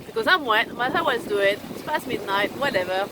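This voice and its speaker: A woman's voice: on the high side, expressive, a little fast. A woman vlogger telling a casual, rambling story to camera while steering her sailing boat, swearing freely and laughing between phrases. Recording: wind noise on an open deck.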